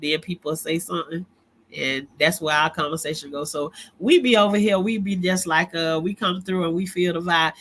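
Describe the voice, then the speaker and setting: Middle-aged woman rambling on a livestream, crisp bright voice, laughs easy, just chatting with the chat. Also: lowish voice, moderate pace. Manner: loose, chatty, talks straight to viewers and chat. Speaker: livestream host.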